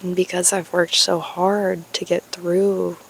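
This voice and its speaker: A young woman talking candidly to her viewers in a vlog, musing slowly, laughing and swearing casually. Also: on the low side, level tone, vocal fry, slight background noise. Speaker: spiritual YouTuber.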